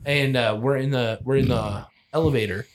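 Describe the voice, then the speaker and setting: A man with a mid-range voice tells a wild story at normal speed as a guest on a casual podcast, with background noise behind him. He swears often and laughs his way through the animated retelling.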